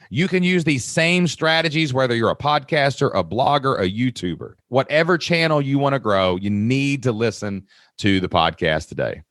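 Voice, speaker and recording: A man's voice: medium pitch, a bit bright, no room sound, studio quality. A man from Southeast Kentucky with an Appalachian mountain accent, hosting a podcast in an upbeat, folksy, chatty way. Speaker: podcast host. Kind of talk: casual podcast conversation.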